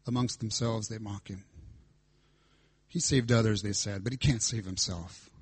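A man's voice: lowish voice, steady tone, moderate pace, pauses often, husky. A male pastor preaching a sermon, reading scripture aloud and stressing lines with dramatic emphasis.

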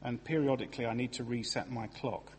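A man giving a sermon in a church, lively, conversational and self-deprecating as he tells stories. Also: medium pitch, quick pace, slightly rough. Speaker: preacher. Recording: long reverb of a large hall.

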